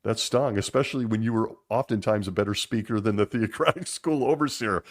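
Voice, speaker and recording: A man hosting a casual monologue, making wry sarcastic asides and laughing as he talks, slowing down to stress points. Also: fairly low pitch. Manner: laughs often while talking; lively and animated, slowing down for emphasis. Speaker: podcast host.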